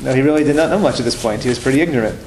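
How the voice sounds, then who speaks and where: A man's voice: mid-range voice, racing, a little mellow. A man telling religious stories in a class, in a conversational way that repeats and restarts phrases. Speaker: religious teacher. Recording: roomy room with faint noise.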